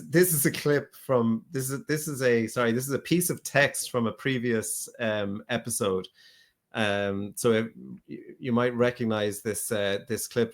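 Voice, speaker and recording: Hesitant, mid-pitched podcast co-host. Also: male voice. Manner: hesitant, many fillers and restarts, laughs. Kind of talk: casual chat.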